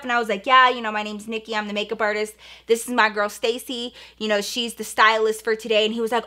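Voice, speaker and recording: A young woman makeup artist telling an animated storytime in a vlog, full of slang and acted-out quotes. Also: a little high, fast talker.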